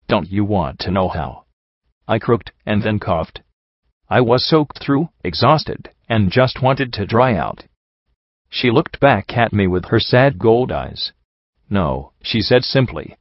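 A man narrating a story in the first person, reading in a measured, somber way. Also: on the low side, no echo. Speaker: audiobook reader. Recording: dull lo-fi sound.

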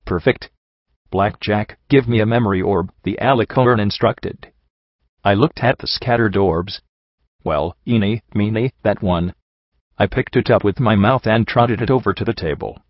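A man narrating a first-person fantasy story as an audiobook reader, in a steady dramatic reading. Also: fairly low pitch, dry recording, muffled recording.

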